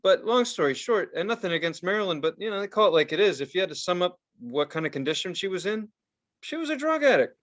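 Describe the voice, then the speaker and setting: A man on a casual podcast, talking in a high voice that swings wildly up and down. He rants in an animated, profane way, with lots of cursing and exaggerated outbursts. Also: fast. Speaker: podcast co-host. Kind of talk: casual chat.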